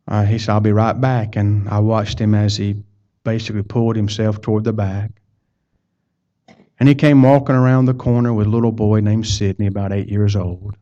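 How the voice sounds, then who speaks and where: A man's voice: fairly low pitch, dark tone. A man preaching a sermon, telling a personal story in a folksy way and repeating words as he goes. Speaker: pastor. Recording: dull lo-fi sound.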